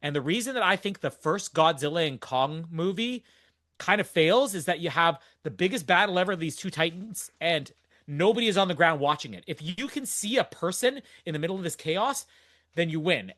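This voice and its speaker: Recapping a movie with lots of laughter and rambling, a young podcast host chats in a casual, enthusiastic way. He's high-pitched and a bit bright, captured in a dry, studio-quality recording.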